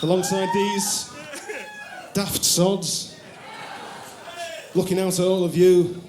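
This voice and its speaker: A man's voice: high voice, flat delivery, slow, background noise. Barnsley-accented man on a live stage. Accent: Barnsley Yorkshire. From Barnsley, England. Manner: dry self-deprecating humour. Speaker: band member, lead singer. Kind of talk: live stage banter and singing. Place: live music venue on stage. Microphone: stage microphone. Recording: live concert with echo and band music.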